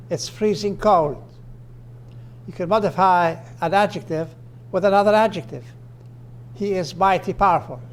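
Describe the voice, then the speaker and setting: A man with a fairly high voice lectures on grammar. He slows down and stresses each example phrase, then explains it with small fillers and restarts. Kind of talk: recorded lecture.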